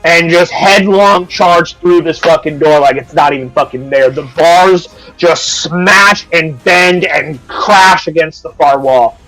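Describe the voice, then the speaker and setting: A man's voice: a little high, a little slow, few pauses, fairly bright tone, faint music behind, low-quality recording. A man narrating as game master in a casual, profane way, explaining rules as he goes.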